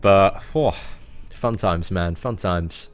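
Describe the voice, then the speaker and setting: A man's voice: sits low, takes it slowly. A man in his twenties with a fairly posh English accent, chatting casually as he answers viewer questions on a live stream. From England. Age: 20s.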